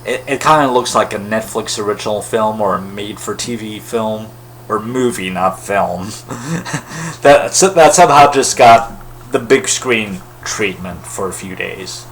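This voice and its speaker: A man's voice: fairly low pitch, unhurried, slight background noise, rough recording. A man giving a casual, rambling film review in a wry, critical way. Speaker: movie reviewer.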